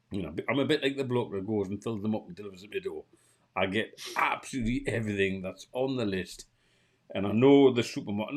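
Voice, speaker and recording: A man's voice: on the low side, a little mellow. A man with a Geordie accent, co-hosting a podcast and grumbling in a casual chat, full of restarts and swearing. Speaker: podcast co-host.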